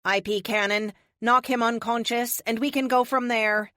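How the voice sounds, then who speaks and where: A woman voicing a calm artificial intelligence built into power armor, speaking formally and evenly. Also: fairly high pitch, moderate pace, no echo, clean studio sound, pitched above the performer's own voice.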